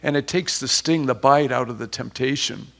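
A man's voice: mid-range voice, normal speed, gravelly, fairly bright tone. A man preaching an informal sermon, conversational and rambling with many restarts, turning fervent at times.

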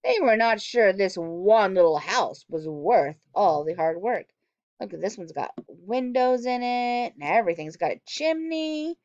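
Animated woman reading a storybook aloud. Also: mid-range voice, a little slow, dry recording. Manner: expressive, animated, asks listeners questions. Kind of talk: storybook read-aloud with questions to children. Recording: dull, dry lo-fi recording.

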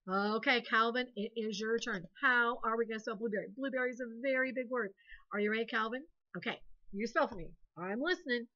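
Playful teacher. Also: female voice, on the high side, brisk, dull audio. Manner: playful, animated, expressive teacher talk. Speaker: second grade teacher. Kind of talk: recorded phonics lesson for young children.

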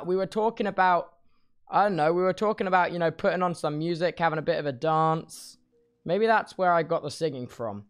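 Young male streamer, post-op groggy, slurry slangy ramble, soft music bed. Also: high voice, smooth. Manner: rambling, slangy, many restarts. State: groggy after surgery, speech slightly impaired. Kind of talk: casual chat reading viewer messages.

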